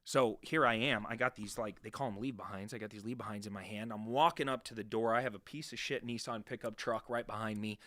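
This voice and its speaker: A man speaks as a guest with a bright, tense edge to his voice. He tells his story candidly and uses a lot of profanity, dropping low and then rising loud. The sound is close and dry, with no room echo. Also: fast talker, few pauses. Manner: animated, profane, swings from hushed to loud. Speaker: guest, real estate investor.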